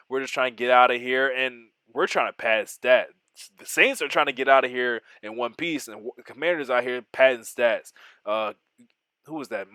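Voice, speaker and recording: A man giving excitable play-by-play of his own football video game, mixing in joking, self-deprecating asides. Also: medium pitch, smooth, no room sound. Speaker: gaming YouTuber.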